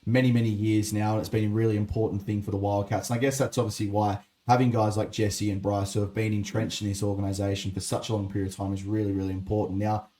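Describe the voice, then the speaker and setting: Man, slightly low voice, sports podcast host, friendly questions. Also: level tone, fast, hardly any pauses, warm tone. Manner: chatty, friendly, calls the guest "mate". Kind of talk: sports interview.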